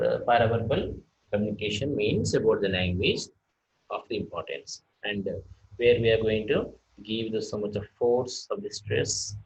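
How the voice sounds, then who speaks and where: A man giving a recorded slideshow lecture, halting, with many fillers and restarts. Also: fairly low pitch, rough recording.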